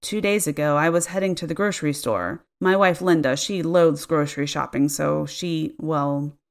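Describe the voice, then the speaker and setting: A woman's voice: low-pitched, normal speed. A woman voicing a nervous, rambling middle-aged husband who stammers and hesitates as he talks.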